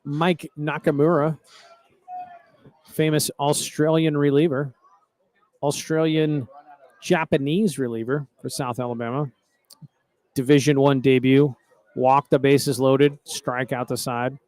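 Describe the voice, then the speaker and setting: A man's voice: mid-range voice, flat delivery, unhurried, pauses often, darkish tone. A middle-aged man, calling a baseball game in a folksy, chatty, rambling way. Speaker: play-by-play announcer. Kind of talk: baseball commentary.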